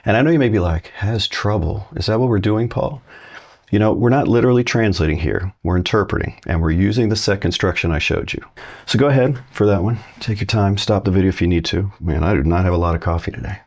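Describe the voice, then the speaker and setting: Low-voiced male language teacher, relaxed and encouraging, clear slow examples. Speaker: Spanish teacher. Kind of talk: casual video lesson.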